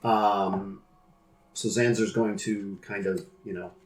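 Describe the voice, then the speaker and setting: A man's voice: on the low side, fairly even intonation, slow pace, a little hiss or hum. A man playing a tabletop game who earnestly describes what his character does. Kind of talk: casual tabletop play. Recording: roomy echo.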